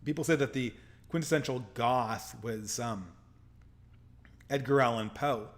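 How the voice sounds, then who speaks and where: A man's voice: medium pitch, measured pace. A man hosting a live podcast, answering viewer messages in loose, rambling talk full of restarts; he is tired and losing his voice. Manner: rambling, frequent restarts and stammers. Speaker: podcast host reading super chats. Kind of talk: casual live-stream commentary.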